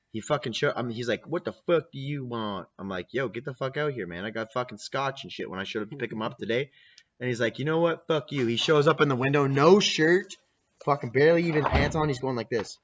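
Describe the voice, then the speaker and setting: Young man, host, rowdy and profane, lively up-and-down pitch, dull lo-fi sound. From Canada. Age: 20s. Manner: rowdy, swearing, laughs often. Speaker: podcast host. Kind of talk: profane casual chat to camera.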